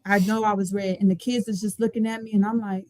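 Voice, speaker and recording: A young woman coach tells a story in an interview with casual, slangy energy. Her voice sits at a middle pitch and keeps moving with animation. The recording is close and dry. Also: fast, dry recording. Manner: animated, colloquial, laughs often. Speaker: guest, head basketball coach.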